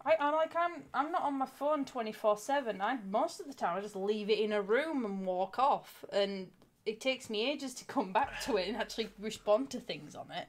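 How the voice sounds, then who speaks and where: Blunt Yorkshire woman, slightly high voice. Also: expressive, normal speed. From Yorkshire, England. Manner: blunt, swears freely, laughs often. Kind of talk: casual chat.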